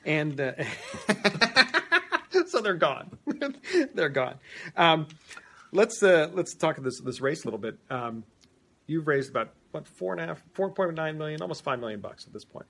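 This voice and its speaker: A man with a gravelly, somewhat husky voice puts questions to a guest in a loose, chatty way. He trips over his openings and restarts his sentences. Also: a little high, very animated, normal speed, pushed and bright. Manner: conversational, joking, with restarts. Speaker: interviewer. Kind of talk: interview questions.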